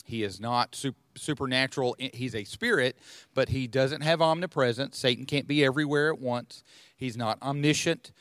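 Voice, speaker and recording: A man's voice: medium pitch, moderate pace, a bit bright, dry recording. Man teaching the Bible on a podcast. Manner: explanatory, thinking aloud with restarts.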